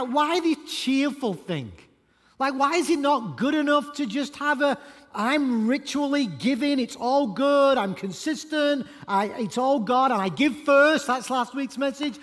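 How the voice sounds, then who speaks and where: A male pastor delivers an animated, emphatic sermon in a church auditorium. His voice sits very high for a man, and a long hall reverb trails every phrase. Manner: animated, emphatic preaching with sudden loud bursts.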